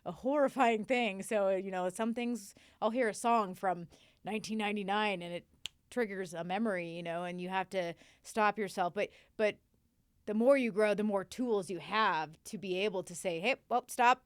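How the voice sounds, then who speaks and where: A woman's voice: mid-range voice, normal speed, clear, resonant tone, no room sound, clean studio sound. A woman speaking as a podcast guest, open and emphatic, often leaning on "you know". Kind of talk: candid recovery podcast talk.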